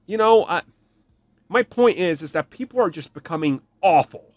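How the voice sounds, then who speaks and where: A man hosting a podcast, giving an animated, opinionated rant and mocking other fans in put-on voices. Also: high voice, a little fast, no echo. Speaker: podcast host. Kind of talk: opinionated solo commentary.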